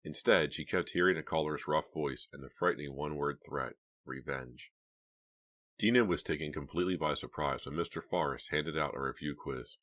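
Extremely deep-voiced male audiobook narrator. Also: a little fast, hardly any pauses, fairly bright tone.

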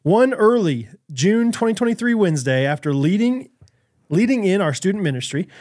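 Lively, laughing American podcast co-host man. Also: high voice, moderate pace. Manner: animated, laughs often, bursts into loud movie-quote impressions. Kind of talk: casual chat.

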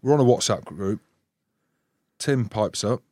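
A man's voice: on the low side, a little slow, dark tone, no room sound. A man hosting a rugby podcast, boisterous and teasing, laughing often as he chats in a studio. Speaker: podcast host and former rugby player. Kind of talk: banter-filled casual chat.

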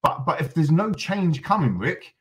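A man's voice: fairly high pitch, very animated, normal speed, lo-fi sound. A man ranting with passion on a fan podcast, reeling off lists and calling himself on a rant. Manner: ranting, emphatic, apologetic asides. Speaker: fan pundit guest.

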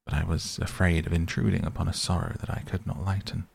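A man reads a deep, gravelly-voiced painter, earnest and grieving. He pleads and reproaches in a husky low tone, read in his own voice as part of a bedtime storybook. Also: little pitch movement, quick pace, darkish tone, no room sound, full character voice. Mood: pained, reproachful. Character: grieving earnest male painter, middle-aged.

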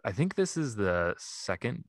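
A man with a very deep, low voice talks loosely on a podcast, trailing off into fillers and breaking into laughs. The sound is close and dry, with no room around it. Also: sing-song, measured pace, no echo. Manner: laughing often, rambling with fillers. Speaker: podcast co-host. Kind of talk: casual chat.

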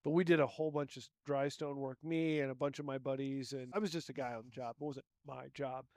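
A man's voice: medium pitch, fairly even intonation, quick pace, darkish tone, no echo, clean studio sound. A man who works as a stonemason, talking earnestly as a podcast guest, rambling and laughing easily. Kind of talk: casual conversational interview.

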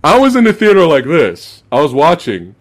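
A male podcast host chatting casually about a movie, animated, swearing freely, laughing often and acting out movie lines. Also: fairly high pitch, normal speed. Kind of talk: casual movie review chat.

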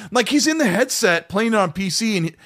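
Guy on a gaming podcast, kinda high voice, rambles and restarts a lot, animated storyteller. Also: a little fast. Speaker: podcast co-host. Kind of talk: casual podcast chat.

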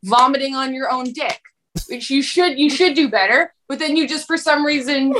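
High-voiced woman riffing comically. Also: normal speed, a little hiss or hum. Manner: animated, profane comic riffing. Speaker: comedian guest. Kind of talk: casual podcast chat.

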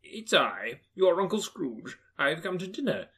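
A man's voice: a little high, sing-song, a little slow, bright, forceful tone, breathy edge, voice pushed up, full character voice. A man voicing a joyful, reformed old male miser, eager and humble, in an audiobook. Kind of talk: audiobook character voice.

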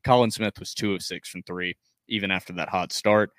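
A man co-hosting a casual sports podcast, reading game stats in a steady recap and joking with his co-host. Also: fairly low pitch, dry recording, studio quality. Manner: reads box-score stats in a steady, measured recap.

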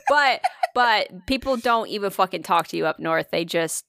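A bright, lively woman co-hosting a casual podcast. She swears freely and wanders off into quick tangents as she talks. Her voice is close to the mic and dry, with no room sound behind it. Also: lowish voice, creaky, no echo. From Northern Virginia area. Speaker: podcast co-host. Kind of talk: casual chat.

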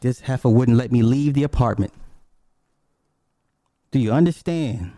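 Taking his time, a man relates a personal anecdote in a relaxed, profane, expressive style, ranging from low murmurs up to excited cries. The recording carries no echo.

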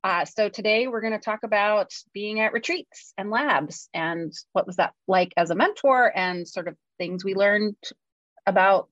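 A woman's voice: medium pitch, normal speed, fairly bright tone, dry recording. Podcast co-host: woman, easy jokey storyteller, muffled dry mic. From California. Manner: chatty, self-mocking, acts out quotes. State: jet-lagged. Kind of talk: casual podcast chat. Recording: slightly dull, dry audio.

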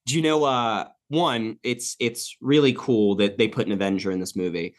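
A man co-hosting a casual film podcast, talking in an animated way, swearing freely and laughing often. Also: on the low side, normal speed. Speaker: podcast co-host.

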